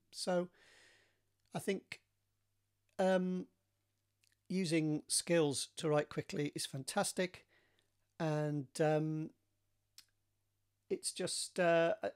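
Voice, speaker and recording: Male author, casual solo chat, gravelly, hesitant. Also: on the high side. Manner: hesitant, many ums and restarts. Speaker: author talking to readers.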